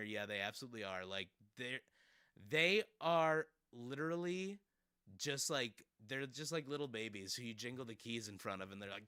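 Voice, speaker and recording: A man's voice: mid-range voice, normal speed, bright, forceful tone, smooth, no room sound, studio quality. A man hosting casual commentary, sarcastic and rambling with fillers and laughs. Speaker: streamer host.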